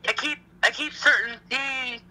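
A woman's voice: sits high, steady tone, a little slow, pushed and bright, a little hiss or hum. A young woman on a recorded phone call, anxious and rambling, repeating herself and swearing casually. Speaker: caller.

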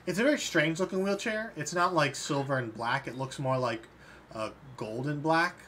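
A man acting as game master of a tabletop game, narrating in a casual, relaxed way with fillers. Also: on the high side, moderate pace. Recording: faint background noise.

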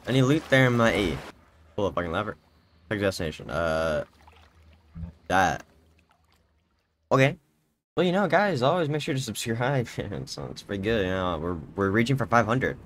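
A young man streaming a video game, profane, excitable and jokey as he plays. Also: fairly low pitch, moderate pace, pauses often, slight background noise. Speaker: gaming streamer. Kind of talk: live gameplay commentary. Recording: home mic with game music behind.

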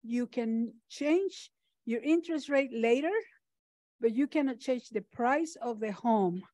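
A woman's voice: fairly high pitch, a little slow, dark tone, dry recording. A woman, a realtor in the audience, answering a question earnestly in a training session. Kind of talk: answering in a class.

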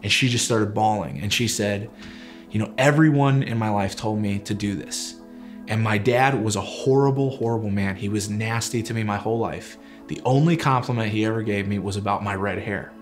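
Low-voiced young man telling a story. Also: moderate pace, soft background music. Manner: casual storytelling, filler words. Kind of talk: personal testimony.

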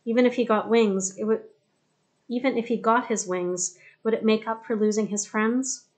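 A woman narrating an audiobook in a steady, even storytelling manner. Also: a little high, normal speed. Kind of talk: scripted narration.

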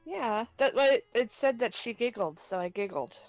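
A woman's voice: on the high side, animated, normal speed, dry recording, faint music behind. A woman co-hosting a group game session, joking around and reading the game's lines aloud in a teasing, playful way. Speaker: let's play co-host. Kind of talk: casual group chat over a game.

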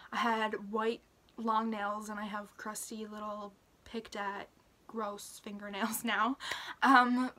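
A young woman talking through a personal update to her camera, halting and emotional, with many fillers and restarts, sometimes sinking to a whisper. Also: on the high side. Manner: soft, drops into whispers. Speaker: vlogger. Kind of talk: personal recovery update vlog.

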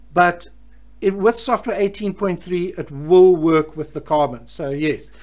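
A man's voice: sits high, slow, darkish tone. A man hosting a live stream, chatting enthusiastically and reading out viewer comments, often restarting his sentences. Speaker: host of a live fishing electronics show.

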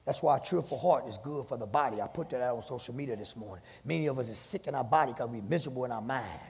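A male pastor preaching a sermon, swinging from low talk to fervent shouted passages, recorded in a church. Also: quick pace, vocal fry, slightly rough. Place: church sanctuary with long reverb. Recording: hall reverb.

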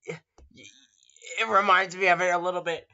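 A gamer giving excitable, casual commentary while playing, talking to viewers and breaking into sudden screams. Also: medium pitch, fairly quick, lo-fi sound. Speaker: let's play gamer.

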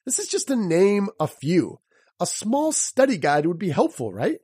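A man hosting a solo podcast lesson. He spells words out letter by letter and asks his listeners rhetorical questions in a lively, teacherly way. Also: sits high, normal speed, breathy edge, dry recording, studio quality. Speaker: podcast host and sales coach.

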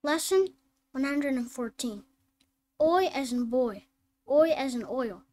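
Slow, careful high-voiced woman reading. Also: expressive, a little mellow, a little hiss or hum. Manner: slow, deliberate word-by-word reading. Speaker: phonics teacher. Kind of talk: reading aloud phonics drills.

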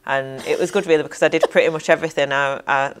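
A woman in her thirties with a Yorkshire accent, answering interview questions in a relaxed, slightly hesitant way. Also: deep voice, quick pace, clear, resonant tone. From Yorkshire, England. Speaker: interview guest.

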